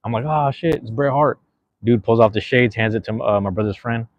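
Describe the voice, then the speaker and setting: Here a man with a mid-range voice hosts a podcast, going through the live chat a little fast in a relaxed, slangy, wandering chat loaded with fillers. There's no echo, but the highs are cut off.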